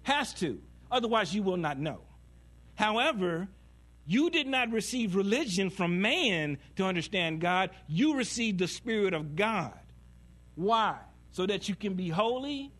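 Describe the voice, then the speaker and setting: A man preaching a sermon in a conversational, humorous way, asking rhetorical questions and slowing down for emphasis. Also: sits high, very animated, fairly bright tone. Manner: conversational and humorous, laughing at his own stories; rhetorical questions, dramatic slowdowns.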